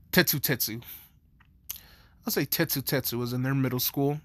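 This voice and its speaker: A man's voice: mid-range voice, slow pace, a bit bright, no room sound. A young man casually narrating a fan story, rambling with lots of "like" and "you know". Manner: rambling, filler-heavy.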